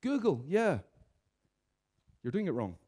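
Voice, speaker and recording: A man giving a comic conference keynote, lively, slipping into raised voices to mimic office characters. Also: fairly high pitch, a little slow. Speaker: conference speaker. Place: conference stage.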